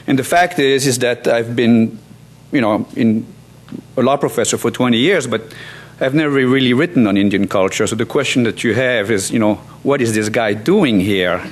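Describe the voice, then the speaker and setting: Man, 60s, from France; academic conference speaker, halting, wry. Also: medium pitch. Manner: halting, many restarts and fillers, wry asides. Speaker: law professor. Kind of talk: conference talk. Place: conference hall.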